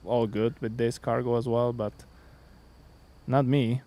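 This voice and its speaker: A man's voice: medium pitch, fairly even intonation, unhurried, warm tone. A man co-hosting a casual gameplay livestream, remarking on his driving as he goes and joking with his co-host. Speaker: stream co-host driving in the game.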